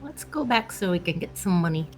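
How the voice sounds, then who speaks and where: A woman's voice: lowish voice, big pitch swings, brisk, a little mellow, soft background music. A woman playing a tabletop game, talking in a wry, matter-of-fact way. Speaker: player. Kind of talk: casual tabletop play.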